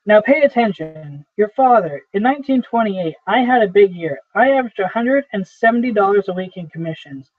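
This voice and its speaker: A man's voice: high voice, animated, fairly quick, hardly any pauses, dry recording. A man reading as a desperate aging salesman, pleading. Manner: pleading, insistent. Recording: dry, tinny phone-like sound.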